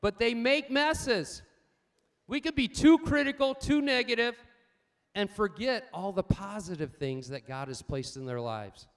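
Older male pastor, somewhat high-voiced, sermon delivery with amens and soft anecdotes. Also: unhurried. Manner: swings from loud emphatic points to quiet storytelling; asks the congregation for amens.

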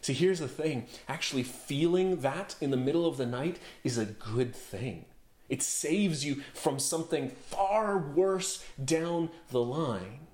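A man's voice: on the high side, lively intonation, slow, a little mellow, echoey room. A man preaching a sermon as pastor, in a conversational storytelling way, with plenty of rhetorical questions. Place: home office.

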